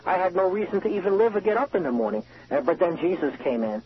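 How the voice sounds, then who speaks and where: A man's voice: sits high, big pitch swings, quick pace. A man calling in from a prison payphone, giving an earnest, emotional testimony with frequent restarts. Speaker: caller, prison inmate. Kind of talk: personal testimony by phone. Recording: muffled payphone line.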